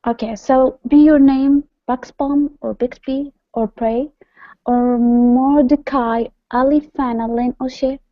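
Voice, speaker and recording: High-voiced woman learner reading carefully. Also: steady tone, takes it slowly, no echo, lo-fi sound. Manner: careful, hesitant reading aloud. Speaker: language student.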